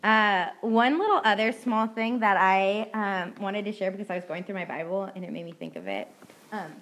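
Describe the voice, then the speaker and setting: A woman's voice: mid-range voice, lively intonation, normal speed, a bit bright, low-quality recording. Earnest young woman sharing her testimony. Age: young adult. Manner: earnest, heartfelt, frequent "like" and "um" fillers. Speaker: student speaker at a youth ministry meeting. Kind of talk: personal testimony talk.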